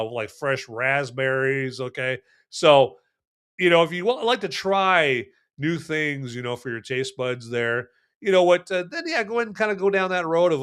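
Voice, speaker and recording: A man's voice: mid-range voice, bright, forceful tone, clean tone. A man casually reviewing a beer on a podcast, rambling with lots of fillers, restarts and jokes. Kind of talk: casual chat.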